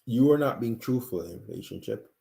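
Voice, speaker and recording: A man's voice: medium pitch, lively intonation, fast, gravelly, dark tone. A sick, coughing man hosting a live-streamed talk show, talking earnestly straight to his viewers and often restarting his sentences. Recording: echoey room.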